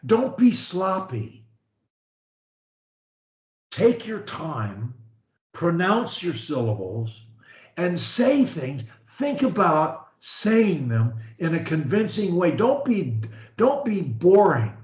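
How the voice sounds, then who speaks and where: A man's voice: sits high, big pitch swings, takes it slowly, a little mellow, roomy sound. A male speech coach on a call, encouraging and emphatic.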